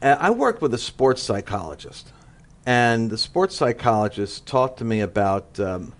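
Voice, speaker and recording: A man from the Northeastern US, a guest speaker on a talk show, telling energetic stories and acting out the people he quotes. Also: mid-range voice, a little slow. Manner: energetic storyteller, acts out quotes, frequent restarts. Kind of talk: animated conversational teaching.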